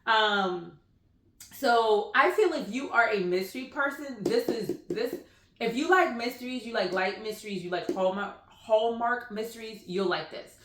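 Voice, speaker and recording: A woman's voice: a little high, a little slow. Chatty woman reviewing books, roomy echo. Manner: chatty, animated, lots of "like" fillers. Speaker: book vlogger. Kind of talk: casual book review chat.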